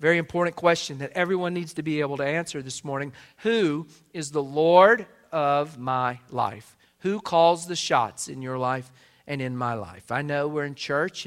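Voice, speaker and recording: A middle-aged pastor with a drawl preaches in a church, his voice pitched a touch high for a man. He builds steadily and leans hard on the key phrases, booming them out to the congregation. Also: fairly bright tone. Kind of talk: sermon. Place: church sanctuary.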